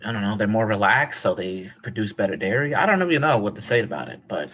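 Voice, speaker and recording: Bright, husky man from Ireland. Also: lowish voice, lively intonation, quick pace, poor audio. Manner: laughing, emphatic, casual slang. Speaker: podcast co-host. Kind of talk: casual chat.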